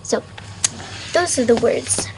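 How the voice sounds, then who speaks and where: A woman of Mexican background giving a casual webcam vocabulary lesson at her desk, unsure of herself and repeating words slowly. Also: noisy background. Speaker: amateur language teacher. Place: home room at a desk.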